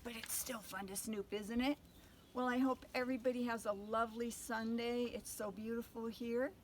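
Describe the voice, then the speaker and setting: An older woman reading a picture book aloud to children, gentle and pausing to ask them questions. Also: on the high side, steady tone, slight background noise. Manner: gentle, asks listeners questions. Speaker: storyteller.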